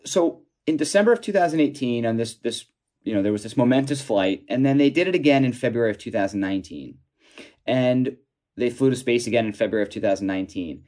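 A man telling a story as an interview guest, halting with many restarts and chuckling now and then. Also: medium pitch. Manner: animated, chuckling while telling anecdotes. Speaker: author and guest.

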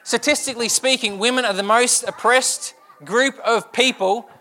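A young pastor preaches a sermon in a high, bright voice at a normal speed. He drives his point home with one earnest rhetorical question after another.

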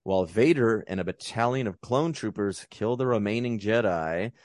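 A man's voice: lowish voice, lively intonation, moderate pace, a little mellow, dry recording, clean studio sound. A man co-hosting a podcast, recapping a film in casual, profane chat and joking as he goes. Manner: profane, joking, breaks into mock voices. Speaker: podcast co-host.

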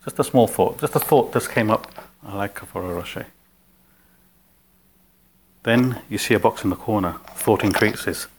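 Low-voiced man teaching a philosophy class. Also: normal speed, hardly any pauses, slight background noise. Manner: conversational, asks the class questions. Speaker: spiritual teacher. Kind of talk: informal philosophy class talk.

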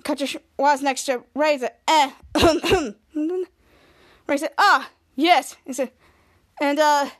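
A young woman casually recapping a TV episode as a podcast host, acting out the characters' lines with sudden loud, shrill bursts. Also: slow, long pauses.

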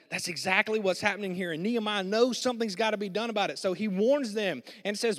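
A man with a high voice preaches in a church sanctuary. He is lively and jokey, and he keeps calling on the congregation to answer. The hall has a long, ringing reverb. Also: quick pace, hardly any pauses. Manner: energetic, jokey preaching with audience prompts. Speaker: pastor. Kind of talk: sermon.

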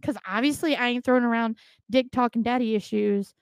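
Co-hosting a casual podcast, this young woman talks a little fast in a fairly high, smooth voice, blunt and freely profane. Laughter comes often between her stories, and the audio is dry, close and echo-free.

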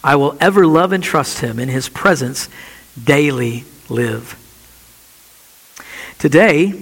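A man preaching a sermon as pastor, reading scripture with emphasis and closing in a quiet prayer. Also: high voice. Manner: earnest preaching, slowing and dropping soft in prayer. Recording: long church reverb.

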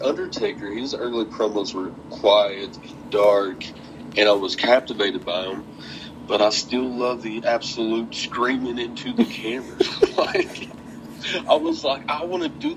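A man's voice: mid-range voice, noisy background. A man telling rambling stories in a casual interview, laughing often, cursing and acting out what people said. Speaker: guest, wrestler.

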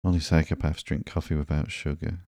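A man reading the lines of a sarcastic young woman antihero in a low-key, barely changed voice for a sleepy comic book reading. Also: flat delivery, fairly quick, creaky, dark tone, dry recording, clean studio sound. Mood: sulky.

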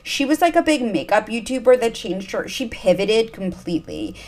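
A somewhat high-voiced woman hosting her own podcast. She chats in a loose, candid way, full of fillers and quick asides. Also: sing-song, a little mellow. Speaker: podcast host. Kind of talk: casual chat. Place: lives in Los Angeles.

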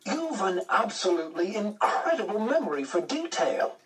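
A man's voice: sits high, sing-song, moderate pace, fairly bright tone, distant mic, pitched above the performer's own voice. A man voicing a stiff, aristocratic male English intelligence officer in an audiobook, with clipped, formal speech.

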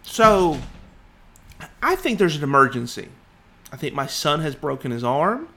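A man in his thirties, co-hosting a podcast, tells an animated story in casual talk and acts out the voices he quotes. He speaks a little slowly in a fairly high pitch.

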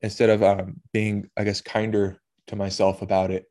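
A man with a low, mellow voice speaks in a steady, even tone. He talks as a podcast host in a personal monologue, halting and candid, with casual swearing. He sounds emotional throughout.

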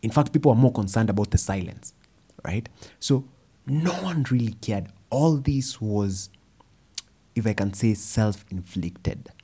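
Young man, Kenyan accent, animated storytelling talk, low voice, husky, mellow. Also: a little slow. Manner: animated storytelling, mixing in Swahili phrases. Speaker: speaker.

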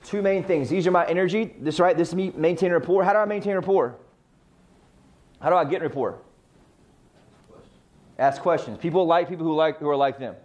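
A man's voice: fairly high pitch, fairly quick, long pauses, darkish tone. Emphatic man coaching agents. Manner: emphatic, rhetorical questions. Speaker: sales trainer.

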